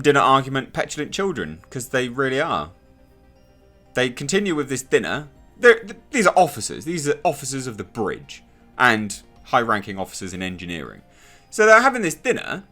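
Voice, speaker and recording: Animated sarcastic man. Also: fairly high pitch. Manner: animated and sarcastic, mocking characters in silly voices. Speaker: video reviewer. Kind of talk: casual spoken review.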